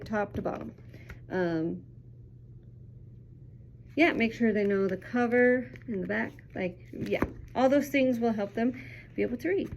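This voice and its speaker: A woman's voice: fairly high pitch, darkish tone, a little hiss or hum. A young woman teacher chatting casually through a children's book review, upbeat and full of ums.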